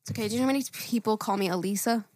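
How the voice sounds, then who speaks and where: A woman co-hosting a podcast in casual chat, excitable, laughing a lot and swearing freely. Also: medium pitch, very fast, no room sound, clean studio sound. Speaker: podcast co-host.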